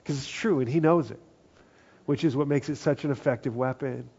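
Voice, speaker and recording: A man preaching a conversational sermon, acting out quoted voices and often dropping to a hushed tone. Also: medium pitch, a little fast, husky. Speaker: pastor. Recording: dull lo-fi sound.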